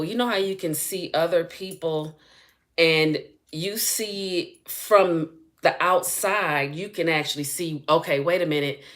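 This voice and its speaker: A woman speaking as a spiritual healing coach in a casual live-stream chat, chatty and animated and laughing often. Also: low voice.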